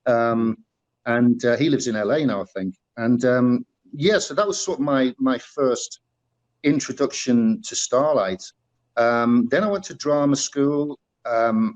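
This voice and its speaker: A middle-aged former musical performer from Teesside in northeast England tells stories as a guest in a casual interview, rambling with lots of fillers and restarts. His voice is medium-pitched and a little mellow, and the recording sounds muffled.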